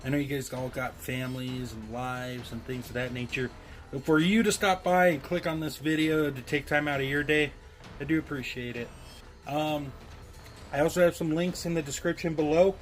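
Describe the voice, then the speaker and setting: A man's voice: on the high side, fairly even intonation, moderate pace, faint music behind. A man giving a casual, rambling review of an action figure to his viewers, with frequent ums and self-deprecating asides. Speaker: toy reviewer.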